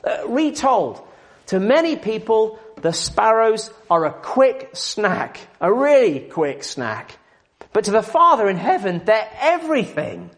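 A man's voice: high-pitched, sing-song, unhurried, fairly bright tone. A man preaching an expository sermon, emphatic and full of rhetorical questions, building up and dropping back in volume.

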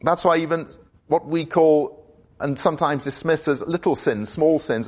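A man's voice: fairly high pitch, normal speed, husky. A man preaching an expository sermon, earnest and emphatic, posing rhetorical questions to his congregation.

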